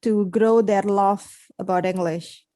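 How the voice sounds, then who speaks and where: A woman's voice: mid-range voice, steady tone, a little slow, dark tone, dry recording. Woman, podcast host, simple explanations, repeats points, dry close recording. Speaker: podcast host and English teacher. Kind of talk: casual podcast conversation about learning English.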